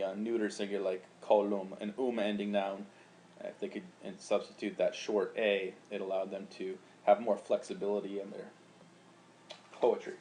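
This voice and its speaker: Low-voiced guy giving a patient lesson, chants syllables out. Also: mellow. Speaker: Latin teacher. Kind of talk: recorded lecture.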